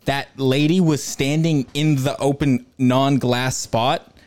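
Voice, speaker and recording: A man's voice: medium pitch, fairly even intonation, slow pace, a little mellow. A young man in casual chat, blunt and crude in his jokes.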